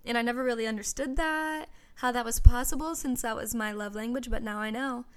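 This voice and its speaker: A woman's voice: fairly high pitch, steady tone, fairly quick, clean tone. A young woman hosting her own podcast, talking casually and earnestly with lots of "you know" asides. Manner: chatty, earnest and gushing, with frequent "you know". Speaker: podcast host. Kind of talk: casual solo podcast chat.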